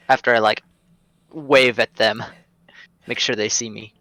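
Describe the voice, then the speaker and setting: Man, tabletop player, casual, upbeat, mid-pitched, laughs often. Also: fairly even intonation, a little slow, sharp tone, dry recording. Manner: upbeat, laughs between lines. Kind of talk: casual chat at a tabletop game.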